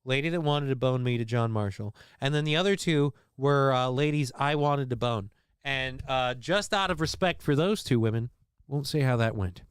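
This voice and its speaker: A man's voice: mid-range voice, normal speed, smooth, no echo, studio quality. Rambling, crude male livestream host. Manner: rambling, self-deprecating, crude jokes. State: unwell after vomiting. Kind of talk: casual live commentary.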